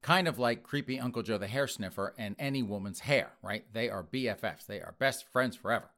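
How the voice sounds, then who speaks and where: A man's voice: lowish voice, fairly quick, fairly bright tone. A man hosting a commentary podcast who mocks his targets and often chuckles while talking to his listeners. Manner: mocking, chuckles often, addresses listeners as folks. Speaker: podcast host.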